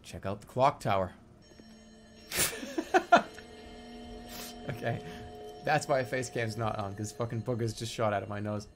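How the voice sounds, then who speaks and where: A man's voice: lowish voice, sing-song, measured pace, pauses often, music in the background. A man streaming a video game, joking and rambling with a stuffy nose and a scratchy throat from a coming cold, swearing freely and drilling tongue twisters. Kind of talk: let's-play commentary.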